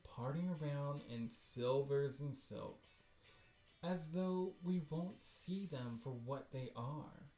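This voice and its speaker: A scornful villain sneers at the rich elite with slow, drawn-out contempt, voiced by a man reading aloud. The voice rings in a roomy space. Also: a little high, mellow. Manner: mocking, theatrical. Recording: roomy echo.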